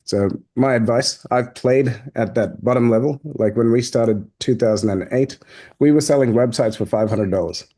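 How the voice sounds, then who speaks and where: Animated man coaching on a video call. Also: mid-range voice, normal speed. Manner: animated storyteller, acts out quoted people. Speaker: host and business coach. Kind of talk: casual Q&A call.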